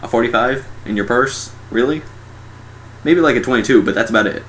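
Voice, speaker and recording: A man's voice: mid-range voice, fairly quick, a bit bright, slight background noise. A sarcastic young man giving a casual, mocking movie review.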